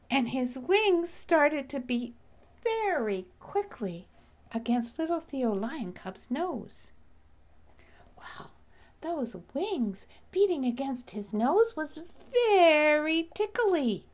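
Woman storyteller, bedtime-book reading, gentle and expressive, very unhurried. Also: high-pitched, creaky. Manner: gentle, expressive, often drops to a whisper.

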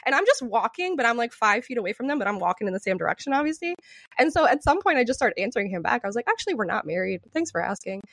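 A young woman co-hosting a podcast, telling a story with animated, profane energy and acting out what people said. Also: fairly high pitch, racing, no room sound. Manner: animated, profane, acts out quotes in raised voice. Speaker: podcast co-host. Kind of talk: storytelling chat.

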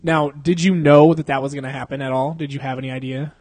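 A man's voice: mid-range voice, steady tone, fast talker, darkish tone, dry recording. Young male podcast host, profane and slangy, laughing, dry recording. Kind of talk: casual chat.

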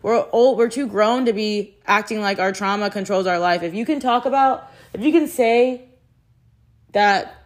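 A woman's voice: medium pitch, moderate pace. Young adult woman, frustrated and unfiltered, swearing freely in a candid personal vlog. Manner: frank and heavily profane, rambling with restarts; frustrated and exasperated. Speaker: vlogger.

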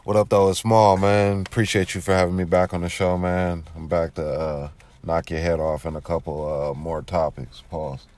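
A man's voice: low-pitched, moderate pace. A man guest on a podcast, teasing and pressing his point in casual argument. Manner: teasing, insistent, lively argument. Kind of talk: casual chat.

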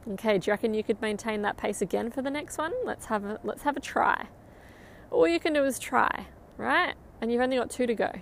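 A woman's voice: on the high side, a little fast, gravelly, slight background noise. A woman coaching a guided interval run outdoors, upbeat and encouraging as she counts down. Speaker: running coach.

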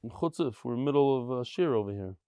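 A man giving a lively, chatty Talmud lesson, mixing Yiddish and Hebrew terms. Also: mid-range voice, fast talker, clean tone, dry recording. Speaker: Talmud teacher giving a daily daf shiur.

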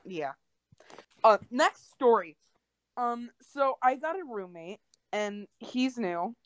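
A woman's voice: on the high side, expressive, slow pace, dry recording. A young woman chatting on a casual podcast, telling rambling stories full of restarts and quoted voices. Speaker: podcast co-host. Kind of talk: casual chat.

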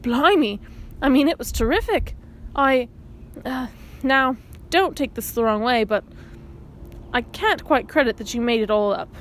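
A woman's voice: on the high side, lively intonation, unhurried, pauses often, a bit bright, slight background noise. Storybook teen brother read by a woman, earnest and admiring. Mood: sincere. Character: sincere older teenage brother.

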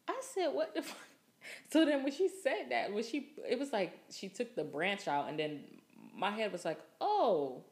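A young woman hosting a podcast, telling a story in a casual, profane, laughing way. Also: fairly high pitch. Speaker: podcast host.

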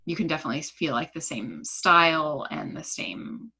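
Low-pitched woman co-host, crisp bright tone, steady explainer. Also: moderate pace. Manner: lecturing, steady explainer with "um" fillers. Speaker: podcast co-host. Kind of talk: explanatory casual chat.

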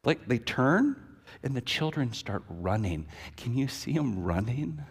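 A male pastor delivers a sermon at a slow pace and brings scenes to life with animated storytelling. His voice sits at an ordinary pitch. It rings out in a church sanctuary with long reverb. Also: slightly rough. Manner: vivid, animated storytelling with acted quotes. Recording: echoey hall with long reverb.

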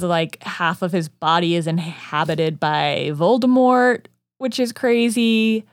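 Give me a woman co-hosting a podcast, chatty and quick, recorded dry and close. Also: on the low side, smooth, no echo. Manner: chatty, quick bursts, many "like"s. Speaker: podcast co-host, first-time reader. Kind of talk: casual podcast chat.

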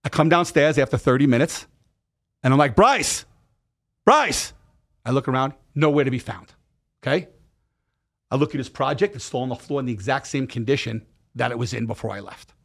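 A middle-aged man telling a personal story in a casual interview, emphatic and animated. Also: mid-range voice, a little fast, vocal fry. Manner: emphatic, animated retelling with acted quotes and profanity. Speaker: podcast guest.

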